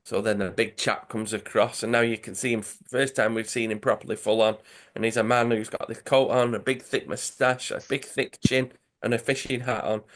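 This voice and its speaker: Sex: man. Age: adult. Role: podcast co-host. Style: casual, animated comic-story retelling over a video call. Pitch: middle. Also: moderate pace. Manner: animated, acts out characters' lines.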